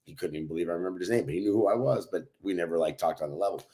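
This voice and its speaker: A man co-hosting a podcast and telling stories in a loud, brash, profane way. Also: low voice, racing. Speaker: podcast co-host. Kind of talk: casual chat, storytelling.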